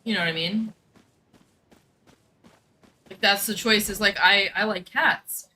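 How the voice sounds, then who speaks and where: A woman's voice: medium pitch, fairly even intonation, a little slow, pushed and bright. A woman streamer chatting casually while she plays a game, telling stories and acting out the lines of people in them, with some swearing. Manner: chatty storyteller, acts out quoted lines. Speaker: gaming streamer.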